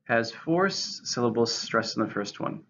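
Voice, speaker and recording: A man's voice: medium pitch, expressive, moderate pace, creaky, fairly bright tone, a little hiss or hum. A man teaching English vocabulary, methodically giving syllables, stress and example sentences. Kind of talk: vocabulary lesson, reading definitions and examples. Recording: muffled lo-fi recording.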